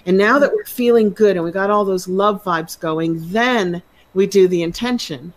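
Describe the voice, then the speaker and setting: Woman, mid-pitched voice, enthusiastic, gushing, casual chat co-host. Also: normal speed.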